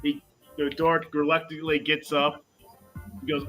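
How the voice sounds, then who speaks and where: A man playing a tabletop role-playing game, narrating his characters' actions in a rambling, halting way. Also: a little high, monotone, a bit bright, soft background music. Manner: rambling, halting with fillers and restarts. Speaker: player.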